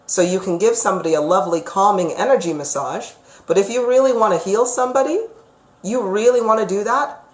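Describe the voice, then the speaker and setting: A woman giving psychic readings on a live stream, chatty and emphatic, sometimes ranting. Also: fairly low pitch. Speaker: psychic reader. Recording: echoey room.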